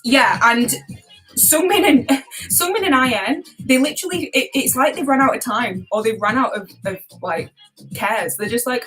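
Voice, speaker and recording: A British woman in a casual live-stream chat, her voice sitting a little high. She talks passionately and at length, laughing often and tripping over her own restarts. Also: normal speed, a bit bright, soft background music, low-quality recording. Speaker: live-streaming reaction YouTuber.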